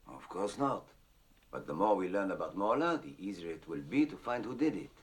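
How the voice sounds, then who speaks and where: An actor playing a calm police inspector asking questions quietly and patiently, in a film drama. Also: male voice, low voice, a little fast, breathy edge. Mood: probing. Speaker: police investigator.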